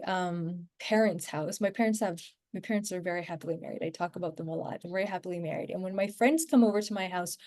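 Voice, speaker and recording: A woman's voice: medium pitch, mellow. A woman talking as a podcast guest in a casual, rambling way, full of fillers and restarts. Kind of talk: casual conversational podcast chat.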